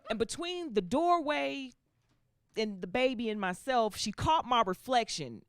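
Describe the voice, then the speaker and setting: A woman whose voice runs on the high side delivers a stand-up set at a measured pace amid slight background noise. She animates her stories by performing the voices of the people in them.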